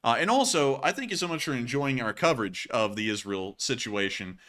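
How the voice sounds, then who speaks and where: Bright-voiced Southern man hosting a stream. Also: mid-range voice, expressive, fairly quick. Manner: rambling, filler-heavy, friendly thanks to donors. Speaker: host of a war news livestream. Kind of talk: casual livestream commentary.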